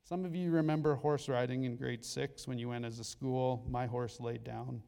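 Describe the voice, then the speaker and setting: A male pastor giving a sermon, telling a Bible story in an animated way with jokey asides. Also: medium pitch, moderate pace, gravelly, few pauses. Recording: long hall reverb.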